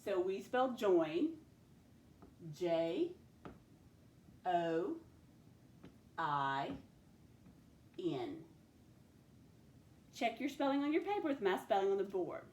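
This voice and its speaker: Dictating words for a phonics spelling lesson, a woman draws out every sound slowly. She's very animated, with a mid-range, darkish voice; the room is echoey with faint ambience and a little hiss or hum.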